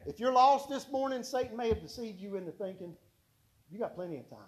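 A man's voice: high-pitched, expressive, brisk, crowd noise, low-quality recording. A man preaching a sermon, telling folksy stories and repeating his points for emphasis. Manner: folksy storytelling with emphatic repetition.

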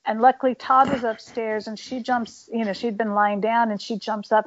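A woman's voice: a little high, level tone, moderate pace, few pauses. Candid woman musician, dull lo-fi audio. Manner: candid and emphatic, many fillers. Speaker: punk band musician, interview guest. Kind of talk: casual storytelling interview.

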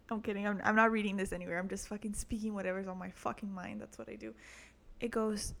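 A young adult woman with a mid-range, fairly bright, creaky voice speaks at a normal speed in a steady tone. Hosting her podcast solo, she chats casually, crudely mocks herself, swears often, and laughs at her own jokes.

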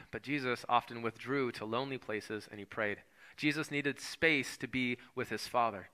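A man's voice: mid-range voice, moderate pace, pushed and bright. A man preaching a conversational sermon, sometimes acting out voices of the people in the story. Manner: conversational, acts out voices of the Bible figures. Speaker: pastor.

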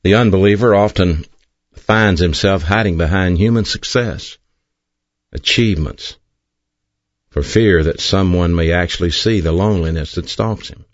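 A man preaching an earnest sermon as pastor, stressing key phrases slowly. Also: low-pitched, no room sound, highs cut off. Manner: earnest, emphatic preaching with slow drawn-out stresses.

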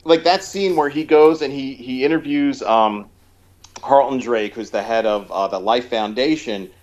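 A man's voice: mid-range voice, normal speed, a little mellow. A man chatting casually about a movie, rambling with lots of fillers and restarts. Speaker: podcast co-host. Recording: dull lo-fi sound.

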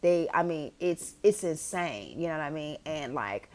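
Emphatic woman podcaster, lowish voice. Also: normal speed. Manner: animated and emphatic, swears, addresses listener as "girl". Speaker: podcast host. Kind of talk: casual storytelling monologue.

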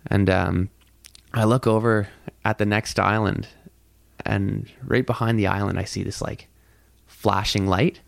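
A man's voice: on the low side, steady tone, measured pace, vocal fry, pauses often, no echo. A man telling a long story in casual chat, rambling with lots of filler words and swearing freely. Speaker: podcast guest telling a story.

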